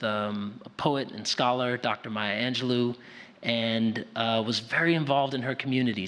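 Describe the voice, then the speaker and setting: A man's voice: mid-range voice, a bit bright. A man giving a conversational public talk, often restarting and repeating words. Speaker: guest speaker. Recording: long hall reverb.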